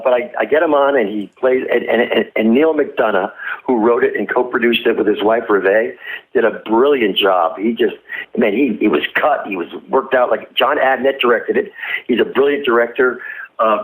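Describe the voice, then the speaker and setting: A man guest on an interview podcast, telling animated stories about his acting career and laughing often. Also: medium pitch, breathy edge, rough recording. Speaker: actor guest. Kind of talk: casual interview storytelling.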